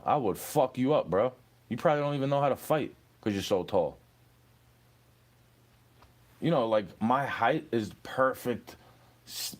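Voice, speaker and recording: Profane young man ranting at a troll. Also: mid-range voice. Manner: profane, confrontational, repeats "bro". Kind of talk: angry rant at a commenter.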